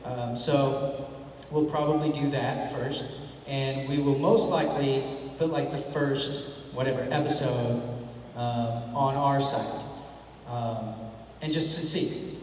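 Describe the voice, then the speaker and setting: A man's voice: mid-range voice, steady tone, slow, darkish tone. Laid-back man in an echoey hall. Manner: laid-back, laughing, acts out dialogue in his stories. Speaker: convention panel guest. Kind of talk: storytelling at a fan panel. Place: large convention hall. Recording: echoey hall from far off, faint noise.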